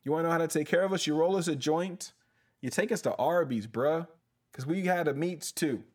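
A man's voice: on the high side, brisk, darkish tone, husky. A male comedian hosting his podcast, ranting in a heated, profane way and often tossing in "bruh". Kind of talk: casual comedic rant.

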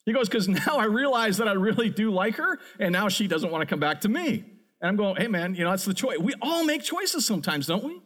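Middle-aged male pastor, high voice, lively storyteller building to excited peaks. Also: brisk. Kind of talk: sermon with a personal story.

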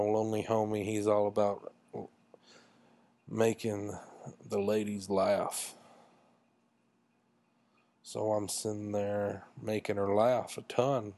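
A low-pitched man rambles through a crude personal anecdote, mocking himself as he goes. His delivery is loose and casual, full of asides. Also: dark tone, dry recording. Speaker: storyteller. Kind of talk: casual comic storytelling.

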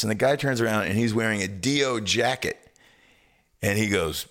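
A man co-hosting a casual music podcast, telling stories with many stammered restarts. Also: normal speed. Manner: animated storyteller, swings pitch wide, stammers on restarts. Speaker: podcast co-host. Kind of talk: casual chat.

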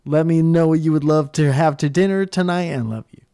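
A man's voice: on the high side, brisk, mellow, smooth. Playful joking man, podcast co-host. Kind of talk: casual chat.

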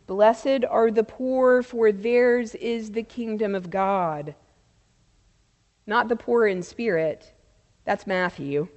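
Slow, measured woman preaching in a hall. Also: fairly high pitch. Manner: slow, measured storytelling with soft pauses. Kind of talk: sermon. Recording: long reverb of a large hall.

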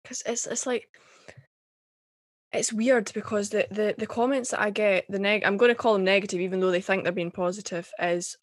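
A woman's voice: mid-range voice, steady tone, moderate pace, no room sound, clean studio sound. A young woman from Scotland with a Scottish accent, talking as a guest in a casual chat, passionate, swearing freely and laughing often.

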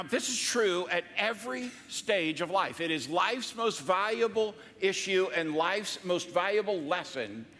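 A male pastor preaching in a bright, forceful voice that sits high for a man. He keeps it conversational and joking, and his words ring out with a long hall reverb. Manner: conversational and joking, with quoted asides. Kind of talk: sermon.

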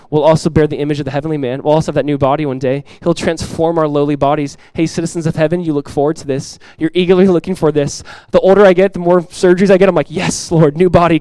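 A middle-aged man preaching a sermon as pastor to his church, earnest and direct, repeating key lines and acting out everyday voices with lively emphasis. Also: fairly high pitch, smooth, no room sound, low-quality recording. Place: church sanctuary.

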